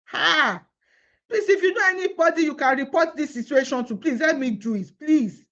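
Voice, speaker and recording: Indignant Nigerian woman, high voice, lo-fi. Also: moderate pace, a bit bright. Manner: pleading, indignant, rhetorical questions. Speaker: activist vlogger. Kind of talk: impassioned monologue. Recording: dull lo-fi phone audio.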